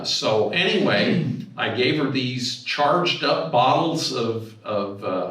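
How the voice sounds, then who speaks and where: A middle-aged man giving a storytelling talk at a symposium, acting out the voices in his anecdotes with sudden bursts of energy. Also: lowish voice. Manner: animated anecdote-telling, acts out dialogue with raised voice. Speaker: speaker at a symposium. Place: hotel conference room. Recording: echoey hall, voice from far off.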